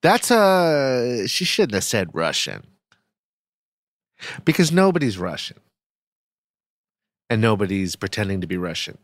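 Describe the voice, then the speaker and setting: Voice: sits low, sing-song, measured pace, long pauses, dry recording. Co-host, mid-range voice, laughs easily, dry, close sound. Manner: giggly, trails off laughing, dry quips. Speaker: podcast co-host. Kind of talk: casual chat.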